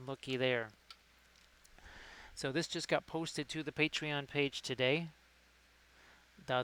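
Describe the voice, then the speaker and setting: A man with a mid-range, fairly bright voice hosts a casual livestream, rambling and reading chat messages aloud as he paints. The recording is low quality, with slight background noise.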